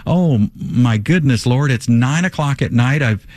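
A man's voice: mid-range voice, animated, unhurried, darkish tone, dry recording, close to an everyday voice. A man acting out an anxious believer who begs in prayer, again and again, to be redeemed. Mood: pleading. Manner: pleading, repetitive.

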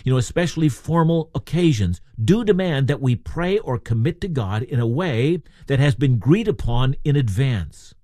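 A man's voice: medium pitch, lively intonation, moderate pace, hardly any pauses, warm tone, dry recording, clean studio sound. A man preaching a sermon in a conversational way, asking his listeners questions.

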